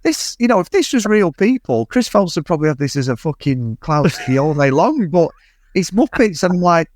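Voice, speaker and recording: Brief: male podcast co-host, slightly higher voice, loose and sweary, very dry close sound. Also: sing-song, moderate pace, no room sound. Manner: sweary, rambling, laughs often. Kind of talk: casual film review chat.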